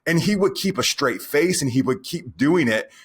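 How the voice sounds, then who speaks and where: A man in his forties co-hosting a podcast, chatting casually and launching into animated stories and rants. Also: a little high, normal speed, slightly rough. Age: 40s. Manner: animated storyteller, goes on rants. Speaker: podcast co-host.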